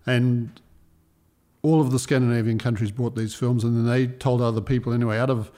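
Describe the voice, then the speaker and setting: A man from New Zealand recounting his filmmaking days in an interview. He tells animated stories, slipping into other people's voices as he quotes them. His pitch sits in an ordinary middle range. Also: a little fast. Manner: animated anecdotes, acts out other people's lines. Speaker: film director and producer. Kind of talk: interview storytelling.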